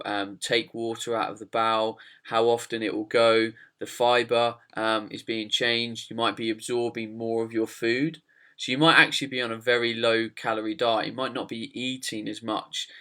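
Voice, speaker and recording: A man hosting a podcast, his voice bright and forward. He talks casually and explains diet questions at length, circling back over his phrases. It has an easy, chatty flow. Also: medium pitch. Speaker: podcast host. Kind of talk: casual chat and nutrition explanation.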